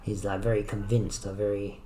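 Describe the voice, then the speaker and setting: Guy with a lowish voice going over animation notes, kinda searching for words, noisy recording. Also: level tone, moderate pace, mellow. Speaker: animation instructor. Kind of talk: animation critique.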